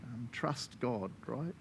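A man with a New Zealand accent preaching a sermon as pastor, animated, laughing often and checking in with listeners with frequent "right?". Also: medium pitch, slow, gravelly, slight background noise.

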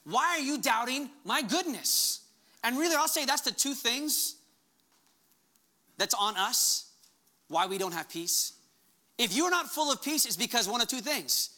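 A man's voice: very high voice, lively intonation, a little slow, long pauses, sharp tone. A pastor preaching a sermon to his congregation, impassioned, raising his voice when he quotes commands. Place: church hall before a congregation.

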